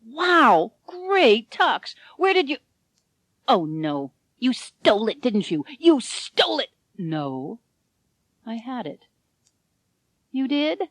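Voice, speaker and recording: A woman voicing a fussy, excitable young male helper in a high, loud voice. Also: slow, long pauses, dry recording, clean studio sound, full character voice. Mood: excited.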